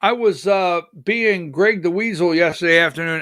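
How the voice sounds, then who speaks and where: A man's voice: high-pitched, animated, moderate pace, hardly any pauses, bright, forceful tone, no room sound, clean studio sound. A man hosting a live political commentary show, agitated and exasperated, calling out instructions to his producer between remarks. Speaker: political talk show host.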